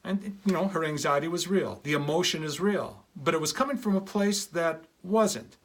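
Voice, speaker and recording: A middle-aged man giving an earnest motivational talk, telling stories and acting out quoted lines of dialogue. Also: normal speed. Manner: earnest, shifts pitch to act out quoted dialogue. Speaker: speaker.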